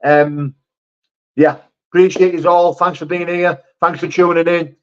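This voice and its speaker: A man's voice: fairly high pitch, flat delivery, measured pace, clean tone, muffled recording. A man hosting a casual live stream, reading out chat messages in a blunt, laddish way with swearing and laughter.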